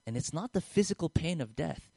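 A man preaching a sermon as a conversational story, moving from lively retold dialogue to quiet, earnest reflection. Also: on the high side, fairly quick, vocal fry, no room sound. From Australia. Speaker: pastor.

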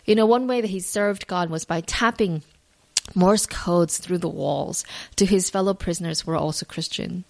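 A woman's voice: fairly low pitch, moderate pace, gravelly, darkish tone. Woman podcast host; earnest, reflective devotional storyteller, loose and unscripted. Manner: earnest, reflective, with fillers and restarts.

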